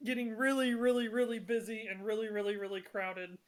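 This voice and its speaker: Woman game master, high voice, chatty, apologetic, lots of fillers, tabletop narration. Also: flat delivery, a little fast.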